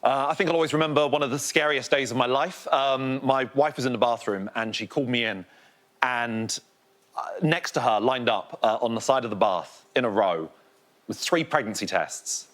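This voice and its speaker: A man, a comedian, telling a rambling story in an animated stand-up routine. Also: medium pitch, normal speed. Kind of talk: stand-up routine on a panel show.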